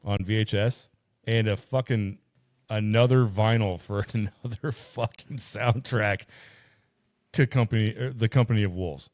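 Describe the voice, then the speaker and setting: A man's voice: fairly low pitch, a little slow, darkish tone, no room sound. A man co-hosting a podcast in casual chat, swearing a lot and acting out quotes as he tells stories. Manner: profane storyteller, acts out quotes. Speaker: podcast co-host.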